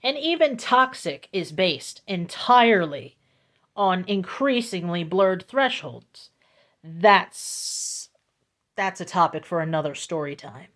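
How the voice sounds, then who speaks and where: A woman telling a storytime vlog into her phone, slow, deliberate and emphatic, repeating her points for weight. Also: lowish voice, expressive, fairly bright tone. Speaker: vlogger.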